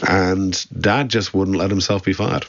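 A man with a Southern English accent, the director's son, speaks as an interview guest, reflecting dryly, wryly and candidly on his father. His voice sits low with fairly even intonation and a slightly slow pace. The recording has no echo but the highs are cut off.

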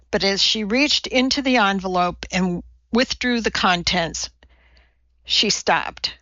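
Female audiobook narrator; measured, crisp, unhurried, close and dry. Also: medium pitch, pushed and bright, no echo, lo-fi sound. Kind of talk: scripted novel narration.

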